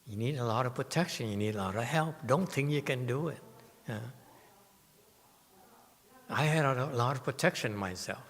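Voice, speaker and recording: A man's voice: mid-range voice, moderate pace, long pauses. Guy giving a buddhist dharma talk, lots of "yes?" and "okay?" questions to the room, long echoey hall. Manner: animated storytelling with rhetorical questions. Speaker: Buddhist teacher. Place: temple hall.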